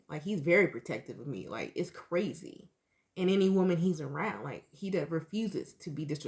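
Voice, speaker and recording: A woman's voice: on the low side, a little mellow. Blunt, profane woman tarot reader. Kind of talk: candid storytelling to viewers.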